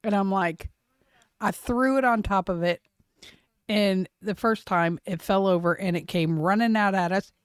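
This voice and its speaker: Middle-aged woman podcast cohost, animated story, cusses a lot, dry close mic. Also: mid-range voice, unhurried, clear, resonant tone, no room sound. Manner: animated storyteller, swears freely, laughs often. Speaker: podcast co-host. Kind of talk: casual chat.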